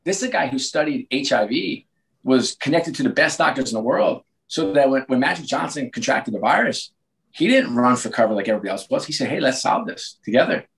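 A man in his late forties, a sports team executive as a podcast guest, telling stories in a lively way with frequent restarts. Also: mid-range voice, brisk, creaky, low-quality recording. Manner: animated, frequent restarts and repeated words. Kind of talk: casual interview storytelling.

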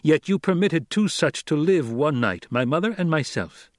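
A cold, commanding young noble speaks slowly and deliberately in a voice lifted well above the reader's own, as a male narrator puts him on. The audiobook sound is dry and close, with no room around it. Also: on the high side, animated, dry recording, pitched above the performer's own voice, lightly acted. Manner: slow, cold, commanding delivery.

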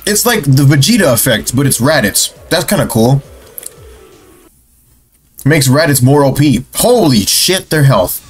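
A young man giving live, excitable commentary while playing a fighting game, swearing and venting his frustration on a headset mic. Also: mid-range voice, unhurried, pauses often, slightly rough. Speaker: gaming streamer. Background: game music.

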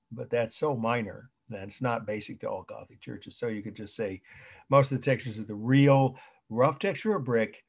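A man's voice: mid-range voice, creaky, husky. A middle-aged man giving a college art history lecture, repeating his points and thinking aloud with fillers.

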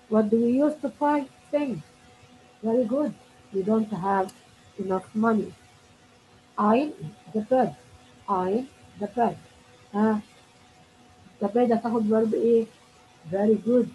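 A woman's voice: a little high, unhurried, long pauses, warm tone, slight background noise, poor audio. A woman with an Egyptian accent teaching an exam review lesson. She reads test items aloud, explains them, and praises imagined students. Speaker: English teacher.

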